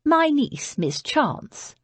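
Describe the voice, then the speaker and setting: A woman's voice: high-pitched, big pitch swings, drawn-out words, dry recording, voice pushed up, full character voice. Woman putting on a snooty old lady of the house, icy and grand, dry close sound. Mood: haughty. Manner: haughty, arctic tones. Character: imperious older aristocratic lady, cool and cutting.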